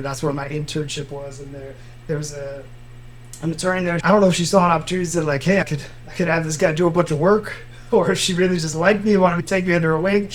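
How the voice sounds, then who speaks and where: In a low-quality recording with a bit of hiss or hum, a man with a fairly high voice and a Miami accent shares courtroom tales. He's a lawyer co-hosting a podcast, chatting casually and bringing quotes to life as an animated storyteller.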